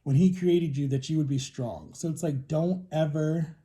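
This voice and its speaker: A man's voice: fairly high pitch, moderate pace, mellow. A man in his thirties chatting casually to the camera while he eats, telling long rambling stories about his own life. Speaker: vlogger.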